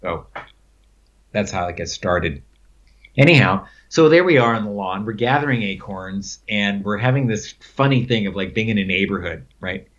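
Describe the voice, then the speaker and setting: A man's voice: lowish voice, animated, normal speed, fairly bright tone. A man telling rambling stories in a casual conversation, with many fillers and frequent laughs. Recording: dull lo-fi recording.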